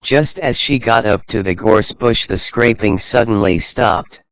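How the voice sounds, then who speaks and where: A man narrating a children's adventure storybook in a slow, even reading manner. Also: medium pitch, dry recording, poor audio.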